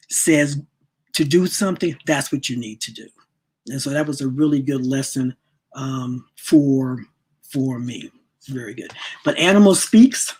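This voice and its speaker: Woman, middle-aged, husky voice, rambling storyteller, repeats words, acts out quoted voices. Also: sits low. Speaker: speaker sharing a spiritual lesson. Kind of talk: storytelling in a spiritual talk.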